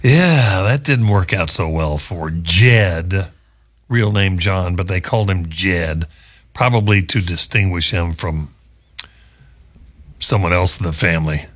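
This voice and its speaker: Rambling, joking local radio host. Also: male voice, low voice, unhurried, a bit bright. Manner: rambling, joking, wry asides. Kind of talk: casual chat.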